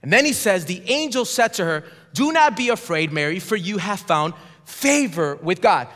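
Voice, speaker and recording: A man preaching a sermon in a high, ringing voice, with a long reverb trailing off every phrase. He leads the congregation in call-and-response and swings from shouted declarations down to near-whispered drops. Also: sing-song, normal speed. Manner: emphatic, swings between shouts and hushed drops. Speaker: pastor. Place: church sanctuary.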